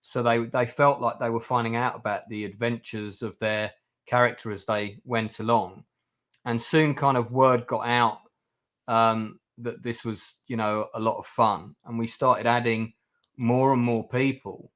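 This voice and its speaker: Guy hosting a livestream, rambly, lots of ums and restarts, mid-pitched voice. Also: fairly even intonation, unhurried, fairly bright tone. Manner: rambling, many fillers and restarts. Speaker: channel host. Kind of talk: casual chat on a livestream.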